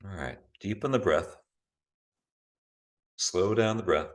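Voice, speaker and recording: The yoga teacher here is a man with a fairly low voice, guiding a class live over video. Calm, slow, and encouraging, he talks the group through breath and posture without any hurry.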